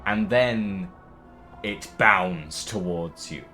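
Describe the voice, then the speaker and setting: A man narrating as game master of a tabletop game, unhurried and halting, with many fillers. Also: deep voice, bright, forceful tone, faint music behind.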